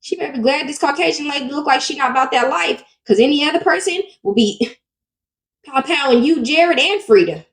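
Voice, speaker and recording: A woman hosting a casual reaction commentary, animated and asking her viewers questions directly. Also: sits high, a little fast, roomy sound. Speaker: commentary channel host.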